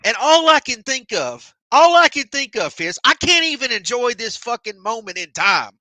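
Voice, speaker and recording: A man's voice: extremely high pitch, normal speed, no echo. A man co-hosting a casual podcast, ranting emotionally with lots of swearing. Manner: emotional, animated ranting with heavy profanity. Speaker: podcast co-host. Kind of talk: heated casual chat.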